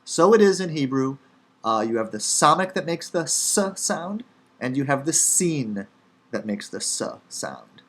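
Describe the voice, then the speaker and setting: A man's voice: on the high side, sing-song, a little slow, a bit bright. Wry Chicago-accented man teaching Hebrew. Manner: casual, wry teaching with many fillers. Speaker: Hebrew instructor. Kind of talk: recorded lecture.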